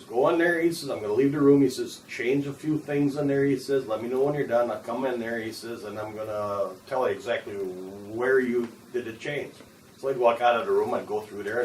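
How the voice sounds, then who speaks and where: A man casually telling an anecdote in a folksy way, repeating "he says" as he quotes someone. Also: medium pitch. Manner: folksy storytelling with lots of "he says". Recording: roomy and distant with faint noise.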